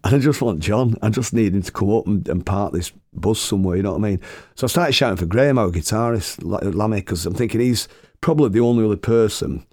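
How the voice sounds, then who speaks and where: A man with a gravelly voice telling a comic story, swearing and chuckling as he goes. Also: fairly low pitch, a little mellow, no room sound, studio quality. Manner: swearing, chuckling anecdotal delivery.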